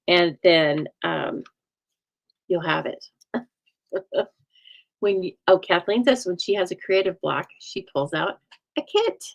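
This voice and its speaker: A woman's voice: lowish voice, vocal fry, poor audio. A woman hosting a live card-making stream, talking in a chatty, folksy way and answering viewer comments as she works. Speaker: craft show host.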